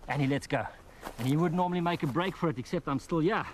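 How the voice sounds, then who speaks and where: A man hosting a wildlife documentary, giving excitable on-location field commentary outdoors, exclaiming and talking to the animal in front of him. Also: on the high side, fast talker, slight background noise. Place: outdoors in the wild.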